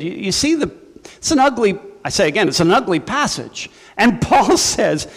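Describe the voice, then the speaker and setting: Male pastor, high voice, chatty sermon delivery, reverberant hall sound. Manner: conversational preaching with asides and humor.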